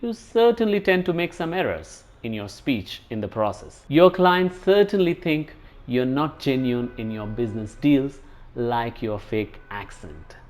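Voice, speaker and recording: A man with an Indian English accent teaching a pronunciation lesson, explaining points and demonstrating sounds slowly. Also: mid-range voice, animated, darkish tone. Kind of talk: scripted lesson narration.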